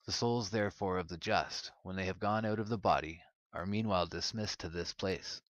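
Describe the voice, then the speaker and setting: A man reading an ancient religious text aloud in a measured, solemn way. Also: sits low, fairly bright tone, dry recording. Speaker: narrator.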